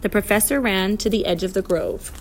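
A woman reading a children's adventure story aloud, expressive and lively. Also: medium pitch, brisk, slight background noise. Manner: expressive, voices the characters. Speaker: narrator.

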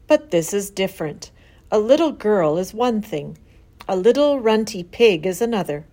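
Gentle firm farmer dad, woman reading him plainly, calm storybook voice. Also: mid-range voice, normal speed. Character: gentle firm farmer father, middle-aged. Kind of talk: storybook read-aloud.

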